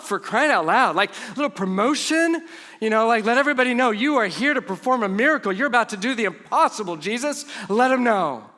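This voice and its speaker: Man, pastor, conversational sermon, high voice, animated, hushed emphasis, humorous asides. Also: fairly quick. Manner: animated storytelling, drops to hushed tones for emphasis.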